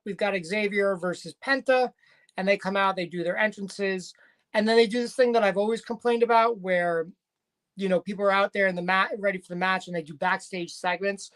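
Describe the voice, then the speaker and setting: A woman casually recapping a wrestling show, chatty and rambling with frequent fillers and restarts. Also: mid-range voice.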